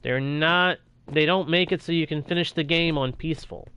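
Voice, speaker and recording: A man's voice: a little high, moderate pace, pushed and bright, clean tone. A young man talking casually over his own gameplay as a streamer, reacting aloud to what happens on screen. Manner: chatty, reacts aloud while playing. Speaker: gaming streamer.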